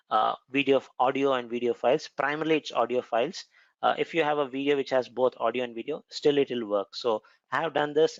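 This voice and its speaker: A man's voice: mid-range voice, no echo, muffled recording. Indian-accented man giving a tech lecture. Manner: explanatory, repeats and self-corrects often. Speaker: instructor. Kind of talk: technical lecture with screen demo.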